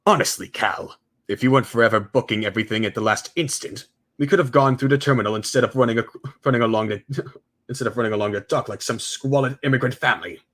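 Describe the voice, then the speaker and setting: A man's voice: medium pitch, quick pace, a bit bright, natural voice. A man voicing a snobbish upper-class middle-aged mother, haughty and complaining.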